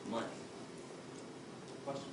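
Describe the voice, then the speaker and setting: A middle-aged man giving an impassioned, emphatic talk to a crowd, telling his story. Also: takes it slowly. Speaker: activist speaker. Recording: distant echoey room with noise.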